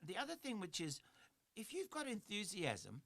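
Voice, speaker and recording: A man's voice: sits high, wildly swooping pitch, moderate pace, vocal fry, a bit bright. A middle-aged man hosting a motivational radio chat in a studio, talking earnestly and repeating his points for emphasis. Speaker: radio show host.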